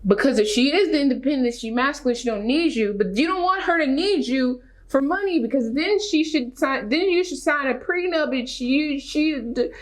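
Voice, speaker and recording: A woman vlogger giving casual reaction commentary, emphatic and animated, full of rhetorical questions. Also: high-pitched, moderate pace, few pauses.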